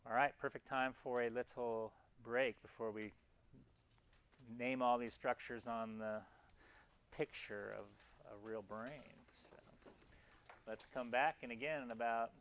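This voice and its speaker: A man's voice: medium pitch, fairly even intonation, measured pace, pauses often, a bit bright. A man giving a classroom anatomy lecture in a casual, chatty way, often restarting mid-phrase and pointing out parts on slides as he goes. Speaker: anatomy instructor.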